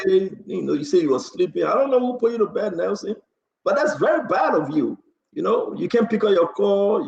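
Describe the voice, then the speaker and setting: A man hosting a live political talk show, animated, teasing and laughing as he talks. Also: high-pitched, reverberant, dull audio. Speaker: show host. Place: New Jersey.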